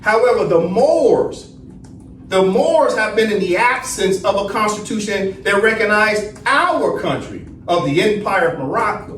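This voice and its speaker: High-voiced man lecturing in a roomy echo. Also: animated, normal speed, hardly any pauses, a bit bright. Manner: asks questions then answers them, frequent "right?". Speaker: study session teacher. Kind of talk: lecturing class. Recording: roomy echo, distant mic, faint noise.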